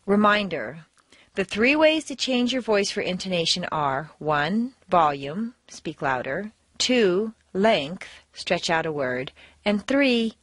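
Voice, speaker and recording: A woman with an American accent giving a recorded pronunciation lesson. She talks in clear, deliberate instructions and exaggerates word stress to demonstrate it. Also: on the low side, a bit bright, no room sound. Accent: General American. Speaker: accent trainer.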